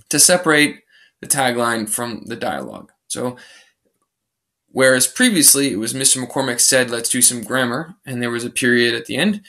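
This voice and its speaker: In a screencast recorded on a computer microphone, a male teacher patiently explains a grammar lesson, recapping each rule step by step. His voice is bright and forward at an ordinary middle pitch.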